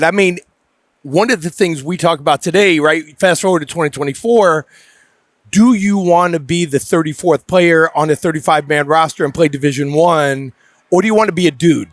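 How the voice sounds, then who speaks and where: A middle-aged man hosting a casual interview, his voice sitting a little high for a man. He talks conversationally, speeding up in bursts and leaning on fillers as he thinks aloud. The sound is dry and close, with no room around it. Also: no echo. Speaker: podcast host and baseball coach.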